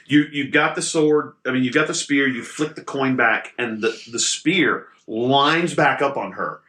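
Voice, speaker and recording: A man acting as game master, describing the scene and calling for rolls. His voice has a bright, forceful edge and sits in an ordinary middle pitch. He narrates loosely, full of fillers and quick self-corrections. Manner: relaxed, loose narration with many fillers and restarts.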